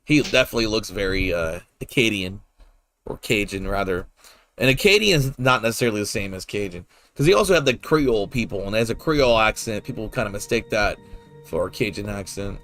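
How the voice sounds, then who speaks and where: A man's voice: fairly low pitch, animated, a little fast, a bit bright, soft background music. Laid-back rambling male game streamer. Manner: rambling, laid-back, many fillers, casual swearing. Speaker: gameplay streamer. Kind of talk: casual gameplay commentary.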